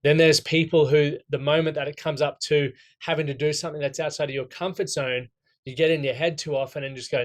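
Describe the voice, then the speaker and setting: A man's voice: a little high, fairly even intonation, a little fast. A man with an Australian accent leading a goal-setting workshop for men, talking casually and bluntly, often swearing and checking in with the group. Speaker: coach running a men's goal-setting workshop.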